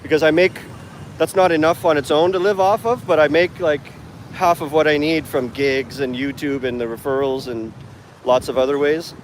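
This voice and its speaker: The English teacher and vlogger's voice is a little high and steady, at normal speed, with slight background noise. He's livestreaming casually while walking outdoors along a city street, rambling into the phone camera he holds, full of fillers.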